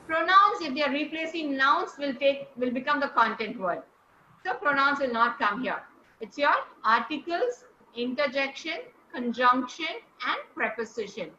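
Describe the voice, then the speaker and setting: A woman leads a speaking lesson with a high, bright voice. She explains step by step and keeps asking the group questions. The sound is roomy and a little dull, as if taped in an echoey meeting room. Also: slight background noise. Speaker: speaking coach. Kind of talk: classroom lesson on word stress.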